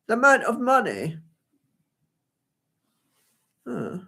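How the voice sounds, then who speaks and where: Slow, lively-pitched man rambling to himself. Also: creaky, slightly rough. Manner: rambling, flustered self-talk. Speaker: solo performer. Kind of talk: live solo performance monologue. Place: at home by a window.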